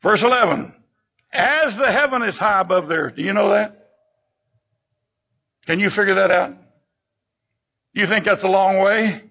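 Older male preacher, high husky voice, fervent sermon with swinging emphasis. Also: a little slow, pauses often, sharp tone. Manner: fervent preaching, sudden rises and drops in pitch and volume. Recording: dull lo-fi recording.

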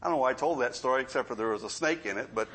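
A middle-aged man preaching a sermon, telling homespun stories and swinging from loud emphasis to quiet asides. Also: medium pitch, racing. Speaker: pastor.

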